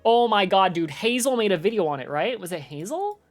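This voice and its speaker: A woman's voice: mid-range voice, expressive, brisk. A young adult woman streaming live, chatting casually in a slangy, rambling way, full of "like" and "dude".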